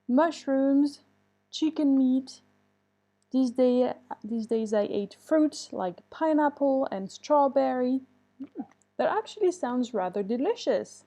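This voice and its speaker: A woman's voice: high-pitched, lively intonation, slow, warm tone. A woman teaching an online English class, reading student answers aloud and commenting kindly, switching to to correct mistakes. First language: French.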